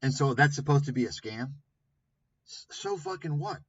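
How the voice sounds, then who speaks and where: Combative male livestream host, profane and scornful, husky tone, dull lo-fi audio. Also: medium pitch, expressive, normal speed. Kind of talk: ranting commentary on clips.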